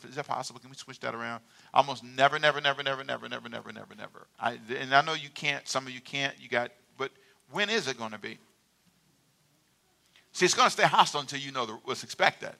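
A male pastor preaching a sermon in a church, talking conversationally with the congregation and calling for amens. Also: mid-range voice. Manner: animated, conversational preaching with call-and-response. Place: church sanctuary.

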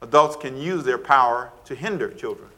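A male pastor preaching a sermon, asking rhetorical questions, laughing between points and acting out quoted scolding. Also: normal speed. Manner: preaching with wide swings of pitch and loudness, rhetorical questions.

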